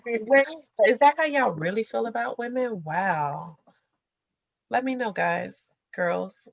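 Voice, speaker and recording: A woman's voice: fairly high pitch, expressive, takes it slowly, vocal fry, no room sound, poor audio. A young adult woman hosting a casual group podcast, chatty and slangy, laughing as she tells stories. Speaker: podcast host.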